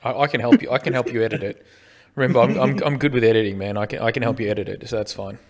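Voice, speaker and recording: A man's voice: medium pitch, fairly even intonation, very fast. A middle-aged man with an Australian accent, co-hosting a casual podcast and joking around. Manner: joking, chatty. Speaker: podcast co-host. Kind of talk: casual chat.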